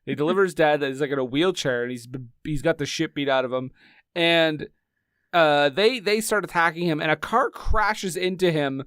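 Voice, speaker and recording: A man's voice: on the high side, normal speed, fairly bright tone, clear, resonant tone, no room sound, clean studio sound. Wry, sarcastic male podcast co-host. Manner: wry, sarcastic banter with mock scolding bits. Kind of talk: casual movie-review chat.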